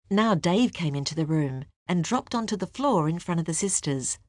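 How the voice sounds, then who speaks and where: Expressive woman audiobook narrator. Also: fairly low pitch, normal speed, hardly any pauses, no echo, clean studio sound. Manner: steady, expressive reading. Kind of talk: scripted narration.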